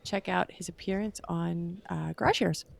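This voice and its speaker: A woman's voice: fairly low pitch, moderate pace, gravelly, dry recording. A woman co-hosting a casual car-racing podcast, reading comments and laughing often. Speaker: podcast co-host.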